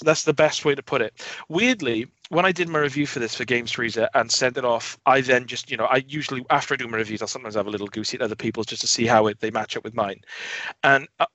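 A man's voice: mid-range voice, bright, forceful tone, no room sound, dull audio. A man co-hosting a games podcast, talking in a chatty, rambling way and restarting his sentences. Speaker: podcast co-host, game reviewer. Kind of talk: casual chat.

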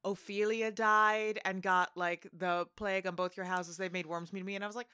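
A woman's voice: mid-range voice, level tone, moderate pace, sharp tone, smooth, no echo. A woman co-hosting a casual movie podcast, telling theater stories with dry, joking asides. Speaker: podcast co-host.

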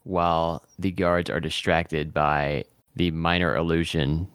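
A man with a very deep, smooth voice chats as a player in a tabletop role-playing game. He talks casually with small restarts and jokes, recorded close and dry. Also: fairly even intonation, measured pace, a bit bright, no room sound. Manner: hesitant, restarting, joking.

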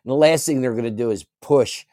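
A man, a guest on a casual panel discussion, talking haltingly and repeating himself. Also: mid-range voice, dark tone, dry recording, studio quality. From United States. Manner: halting, repeats words, trails off.

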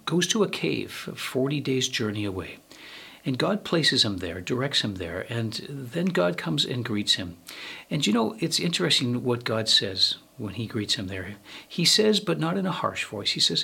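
A man delivers a sermon in a gravelly, husky voice with a bright edge. He speaks earnestly and at a measured pace, slowing down and softening at the ends of his key phrases. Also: mid-range voice, big pitch swings. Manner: earnest, measured preaching with slow emphatic phrase endings and frequent fillers. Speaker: preacher.

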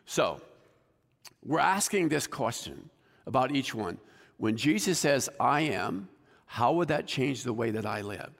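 A man's voice: medium pitch, sing-song, measured pace, gravelly, in a large hall. A male pastor giving a conversational sermon and putting questions to the congregation.

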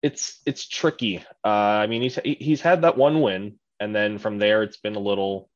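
A man with a fairly low voice chats casually as a podcast co-host. He rambles and restarts his sentences often. The audio is muffled and lo-fi. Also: fairly even intonation, moderate pace. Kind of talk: casual chat.

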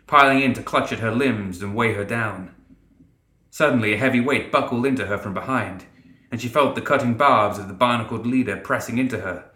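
A man narrating a dark fantasy story in a steady, dramatic way. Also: lowish voice, roomy sound. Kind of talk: scripted narration.

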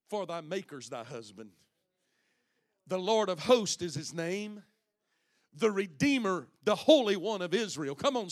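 A high-pitched pastor preaches to his congregation, reading scripture aloud and calling out to listeners. He swings between loud passages and hushed ones.

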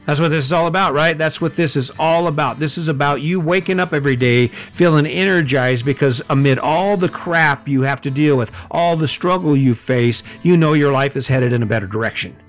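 Man, middle-aged, motivational talk, high energy, conversational, self-correcting, faint guitar underneath. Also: brisk, hardly any pauses. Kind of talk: motivational monologue.

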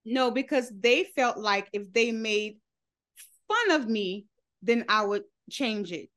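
A woman guest talks candidly in a relaxed interview, laughing often. Her voice sits fairly high, and she takes her time getting the words out, with loose, run-on phrasing. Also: slow pace. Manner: laughs often while telling her story. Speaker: interview guest, social media creator. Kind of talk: casual interview conversation.

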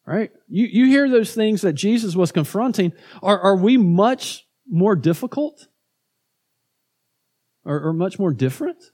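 High-voiced preaching man. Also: animated, unhurried, a little mellow. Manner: conversational preaching, frequent "right?" asides and repeated words. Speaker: pastor. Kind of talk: sermon.

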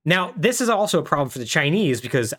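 A man co-hosting a podcast and recapping a game's story in casual chat, an animated storyteller. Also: a little high, quick pace. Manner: animated storyteller, laughs often. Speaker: podcast co-host.

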